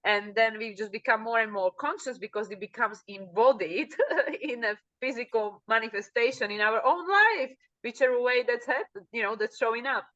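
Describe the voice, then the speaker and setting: Bright animated woman chatting. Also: normal speed, muffled recording. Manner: animated, acts out quoted thoughts in a higher voice. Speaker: co-host. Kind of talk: casual spiritual chat.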